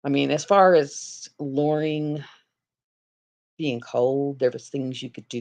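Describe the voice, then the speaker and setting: A woman's voice: very deep voice, steady tone, slow, darkish tone. A woman hosting a casual livestream, rambling chattily and telling stories with frequent laughs. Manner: chatty, storytelling, laughs often. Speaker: livestream host. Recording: dull lo-fi stream audio.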